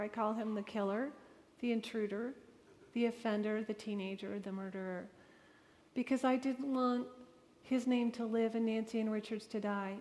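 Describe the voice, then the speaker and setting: A woman with a somewhat high voice tells a personal story to an audience. She speaks earnestly and emotionally, acting out bits of dialogue as she goes. Her voice rings with the long reverb of a large hall. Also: a little mellow. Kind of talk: personal testimony talk.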